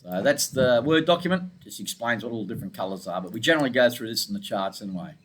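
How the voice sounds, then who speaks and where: A man's voice: on the low side, expressive, quick pace. A man from Scotland with an Australian accent, walking through his trading charts in a laid-back, informal and self-deprecating way. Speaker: forex trading analyst. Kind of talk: casual screen-share market walkthrough.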